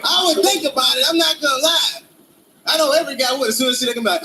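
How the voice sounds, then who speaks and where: A man performing a stand-up comedy routine in role-play, with animated, profane storytelling and frequent laughter. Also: very high voice, fast, noisy background.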